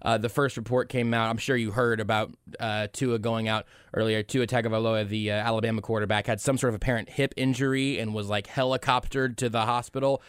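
A young man hosting a sports talk radio show in a studio, joking and quick to laugh. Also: mid-range voice, flat delivery, smooth, no room sound. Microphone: studio mic.

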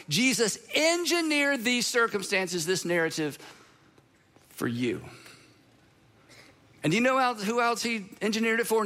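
A male pastor with a high, ringing voice preaches with earnest emphasis. He leans into repeated phrases, then falls to a near hush for effect. His tone stays bright and forward throughout. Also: lively intonation, normal speed. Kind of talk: sermon.

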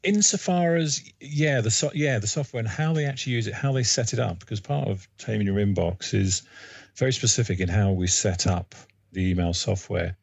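A man answering interview questions as an email productivity trainer, measured and explanatory. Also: fairly low pitch, vocal fry, husky, no echo. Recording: dull, lo-fi sound.

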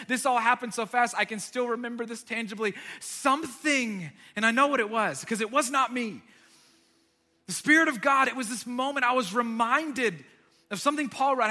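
A man delivers a sermon in a high, forceful voice. He tells stories in an animated way and throws in quick jokes. His voice rings out with a long reverb, as in a large hall. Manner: animated storytelling with quick asides. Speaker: preacher.

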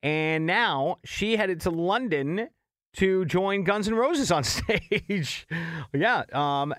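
A man's voice: on the high side, no echo. A man hosting a morning radio show in casual, jokey chat, laughing often.

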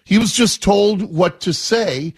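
A man's voice: high voice, takes it slowly, husky, no echo. A man hosting a talk radio show, chatty and opinionated, setting up clips with his own asides. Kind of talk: casual talk radio commentary.

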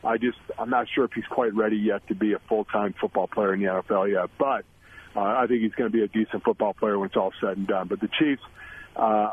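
A man's voice: fairly low pitch, a little hiss or hum. A man calling in as a guest on sports talk radio, making his points emphatically. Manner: emphatic, repeats himself while building a point. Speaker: guest, former football center. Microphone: phone call. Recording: tinny phone line.

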